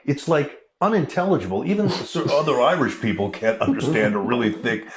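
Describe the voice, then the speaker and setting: A man's voice: mid-range voice, lively intonation, fairly quick, few pauses. A middle-aged American man, a guest actor, telling anecdotes animatedly in an interview, with lots of fillers and restarts. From United States. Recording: roomy echo.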